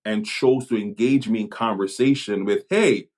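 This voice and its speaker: Reflective low-voiced Jamaica-born pastor. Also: male voice, a little mellow. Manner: reflective, halting, many restarts. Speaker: pastor and police chaplain. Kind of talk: podcast conversation.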